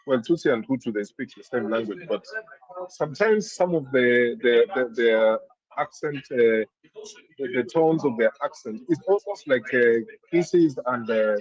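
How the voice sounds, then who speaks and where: A man's voice: medium pitch, husky, no echo, lo-fi sound. A man with a Kenyan accent chatting on a panel, rambling with many restarts and slipping Swahili into his English. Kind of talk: casual panel chat.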